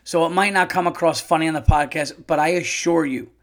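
A middle-aged man hosting a solo podcast, telling a story in an animated way, swearing freely and laughing as he goes. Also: fairly high pitch, a little fast. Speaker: podcast host.

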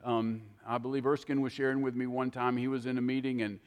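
An older man preaching a sermon, telling folksy stories in an animated, heartfelt way. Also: medium pitch, a little fast, in a large hall. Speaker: pastor.

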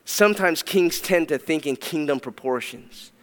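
A man's voice: fairly high pitch, lively intonation, moderate pace, big-room sound. A man preaching a sermon as a pastor, emphatic and repeating phrases for stress. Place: church sanctuary.

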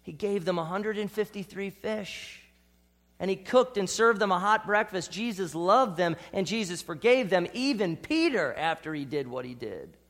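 A man preaching a sermon as pastor, dropping to soft, hushed lines and rising to bold, emphatic ones. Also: high-pitched, expressive, moderate pace. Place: church.

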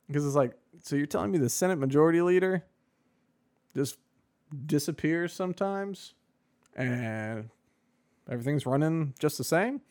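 A man's voice: fairly high pitch, normal speed, pauses often, a little mellow. A man co-hosting a podcast in casual chat, rambling and sarcastic with many fillers. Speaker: podcast co-host.

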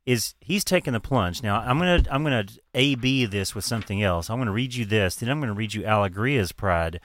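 A man's voice: lowish voice, lively intonation, a little fast, fairly bright tone. A man hosting a podcast in casual chat, laughing often and swearing freely as he talks. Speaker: podcast host.

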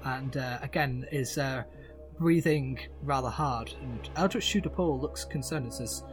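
A man narrating as game master of a tabletop game, pausing often with filler sounds. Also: mid-range voice, faint music behind. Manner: hesitant, full of filler sounds.

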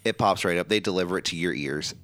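A man's voice: low-pitched, fast talker, fairly bright tone, no room sound. A man hosting a casual wrestling podcast, playful and rambling, often stumbling over his words. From Ireland. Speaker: podcast host.

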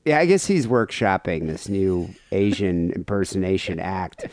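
Lively, laughing podcast host, man. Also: low voice, normal speed, no echo, studio quality. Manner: laughs often, swears casually. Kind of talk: casual comedy podcast chat.

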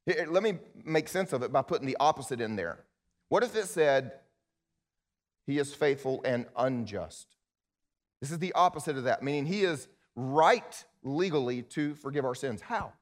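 A male pastor preaching a sermon in an animated way, acting out quoted voices, then leading a prayer. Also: medium pitch, moderate pace.

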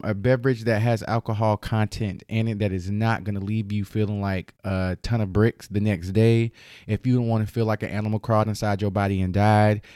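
A man's voice: on the low side, darkish tone, clear, resonant tone, no echo, studio quality. A man from the Southern United States hosting his own podcast from home, talking casually with lots of slang and playful swearing. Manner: chatty, profane, slangy and playful. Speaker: podcast host. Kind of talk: casual solo podcast chat.

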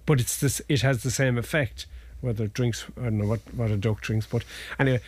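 A man's voice: mid-range voice, steady tone, fairly quick. A man, a family law solicitor, explaining cases in a rambling, anecdotal way during a conversational interview.

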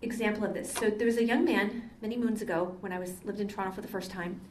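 An older Catholic sister talks fast in a mid-range voice with a steady tone, giving a conversational, anecdote-filled lecture with chatty storytelling and frequent ums. The echoey meeting hall recording uses a far-off mic and carries a little hiss or hum.

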